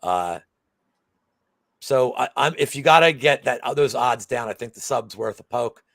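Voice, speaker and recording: A man's voice: mid-range voice, lively intonation, moderate pace, vocal fry, fairly bright tone, no room sound. A man co-hosting a betting show in casual chat, rambling with lots of fillers and restarts.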